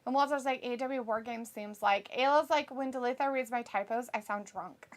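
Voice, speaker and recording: A woman's voice: fairly high pitch, normal speed. A woman co-hosting a live watch-along, casually reading viewer comments aloud, laughing often and swearing freely. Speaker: co-host of a wrestling watch-along.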